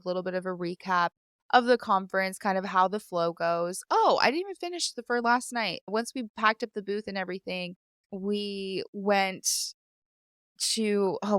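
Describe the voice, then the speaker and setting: A woman's voice: medium pitch, a bit bright, clear, resonant tone, no echo, clean studio sound. A young woman hosting her own podcast in candid, casual chat, full of fillers and teary at times. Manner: candid, filler-heavy, chatty. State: teary and sniffling. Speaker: podcast host. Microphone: studio microphone.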